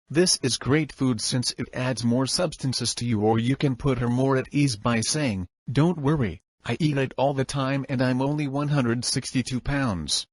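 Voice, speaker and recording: A man's voice: mid-range voice, husky, dry recording. Man narrating an audiobook, dry sound. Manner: even, instructive reading.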